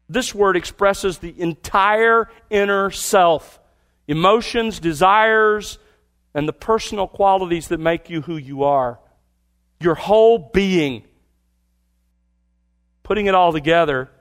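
A man preaching a sermon, stressing key words and dropping to quiet asides. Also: high voice, slow pace. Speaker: pastor.

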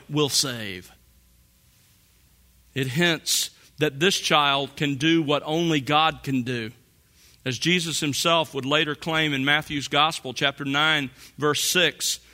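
A man preaching a sermon, slow and deliberate, drawing out key phrases for emphasis. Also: a little high, sharp tone. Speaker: pastor.

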